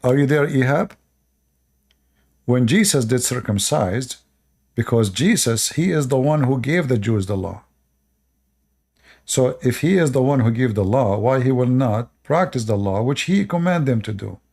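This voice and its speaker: A man's voice: medium pitch, lively intonation, measured pace, a little mellow, slightly rough. A man with an Arabic accent, native Arabic speaker, hosting a live stream and lecturing his viewers in short repeated commands with broken grammar. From Middle East. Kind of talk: casual live stream monologue.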